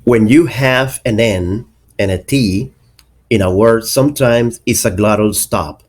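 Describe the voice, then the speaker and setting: A man's voice: lowish voice, measured pace. A man teaching an English pronunciation lesson, carefully enunciating each example word.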